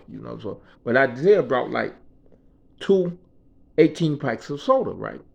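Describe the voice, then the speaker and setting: A man's voice: fairly high pitch, creaky, highs cut off. A man casually telling a story, swearing freely and checking in with "right?". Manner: profane, animated, laughing and asking "right?".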